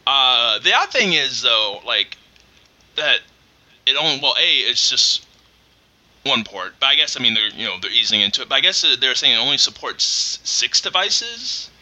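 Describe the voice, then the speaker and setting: A man's voice: mid-range voice, big pitch swings, moderate pace, sharp tone, rough recording. A man co-hosting a casual podcast, asking curious questions and joking around. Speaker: podcast co-host.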